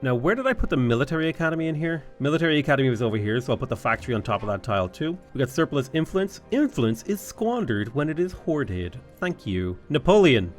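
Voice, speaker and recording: An Irish man in his twenties or thirties talks through a strategy game in a casual, excitable let's-play style. His voice sits mid-range. Faint game music hums underneath. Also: mid-range voice, fast talker, hardly any pauses. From Ireland. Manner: chatty, thinks aloud, enthusiastic. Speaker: gaming YouTuber.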